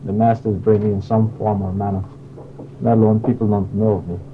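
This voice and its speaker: A man giving an informal spiritual lecture and taking questions, talking in a halting way with many restarts and fillers. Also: on the low side, flat delivery, phone-quality sound, slight background noise. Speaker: spiritual teacher.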